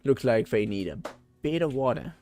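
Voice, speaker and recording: A man's voice: mid-range voice, expressive, normal speed, mellow, soft background music. A man streaming a game with chatty, playful, scattered commentary.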